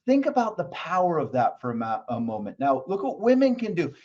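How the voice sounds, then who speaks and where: A man's voice: a little high, huge pitch swings, brisk, a little mellow, dull audio. A man who is a mindset coach, talking as a guest in a conversational interview, enthusiastic and motivational as he tells stories.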